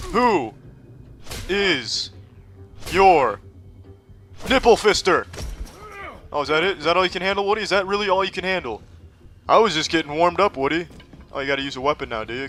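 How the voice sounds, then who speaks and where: A man's voice: on the high side, sharp tone. A man giving crude, sarcastic gameplay commentary and talking trash to the enemies in the game. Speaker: gaming commentator.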